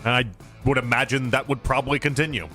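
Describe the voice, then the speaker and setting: A man co-hosting sports talk radio with a wry, laughing manner. He talks very fast in a bright, slightly high voice. Faint music sits behind the studio mic. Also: fairly even intonation. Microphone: studio broadcast mic.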